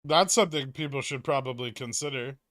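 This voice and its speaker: A man's voice: mid-range voice, a little fast, fairly bright tone, dry recording. A man hosting a trading livestream, reading viewer messages aloud and answering in a dry, offhand way. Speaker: livestream host. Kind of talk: casual chat reading viewer questions.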